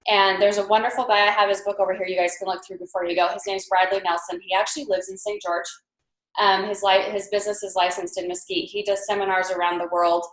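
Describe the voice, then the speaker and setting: A mother presenting at a team training to a live group, telling animated stories and acting out quoted voices. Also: medium pitch, quick pace. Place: meeting room with a live audience. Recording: echoey room.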